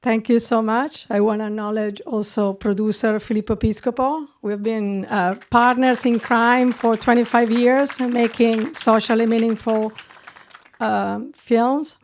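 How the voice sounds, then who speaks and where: A woman's voice: a little high, fairly even intonation, unhurried, slight background noise. A middle-aged woman from Italy, speaking English with an Italian accent and answering questions earnestly after a film screening, with frequent restarts. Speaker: film director. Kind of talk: festival Q&A.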